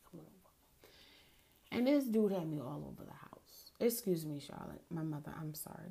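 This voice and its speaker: A middle-aged woman hosting a show, telling a personal story in casual chat, frank and profane, getting animated when riled up. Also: on the low side, creaky. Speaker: podcast host.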